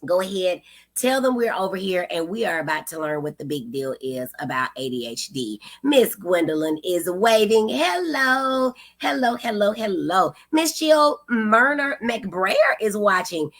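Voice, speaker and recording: A woman's voice: mid-range voice, expressive, measured pace, a bit bright. A woman hosting a casual livestream, effusively greeting viewers by name and calling them honey and girl. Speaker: livestream host.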